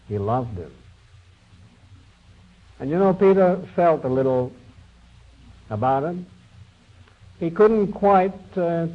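A man preaching a sermon, retelling a Bible story in a folksy, conversational way and voicing its figures with small shifts. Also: on the high side. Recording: dull lo-fi recording.

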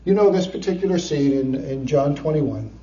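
A man preaching a sermon, retelling scripture with lively storytelling, chuckles and frequent fillers. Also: fairly high pitch, moderate pace. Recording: distant, dull, echoey room.

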